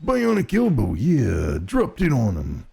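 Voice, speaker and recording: A man doing an over-the-top impression of a gravelly male pro wrestler, growling his hype. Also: medium pitch, huge pitch swings, takes it slowly, warm tone, full character voice. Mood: hyped.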